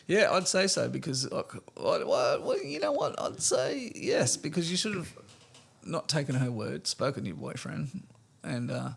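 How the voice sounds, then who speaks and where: A man's voice: on the high side, big pitch swings, moderate pace, gravelly, husky. A man co-hosting a podcast in casual chat, blunt, crude and joking. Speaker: podcast co-host.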